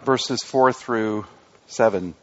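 A man's voice: on the low side, slow pace. A male pastor giving an interactive sermon, asking the congregation questions and repeating key phrases. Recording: dull lo-fi recording.

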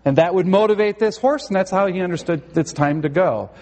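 Earnest preacher man with a slightly high voice. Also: fairly quick, a little mellow. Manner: earnest preaching with a humorous anecdote. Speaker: pastor. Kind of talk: sermon. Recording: long hall reverb.

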